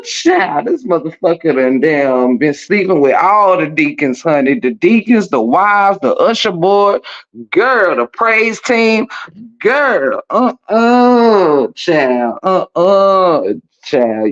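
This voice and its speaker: Flamboyant high-voiced man dishing sassy gossip. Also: animated, slow, highs cut off. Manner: sassy, exaggerated and flamboyant, peppered with "girl" and "child"; breaks into laughter and gasps for breath. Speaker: commentator. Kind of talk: comedic gossip rant.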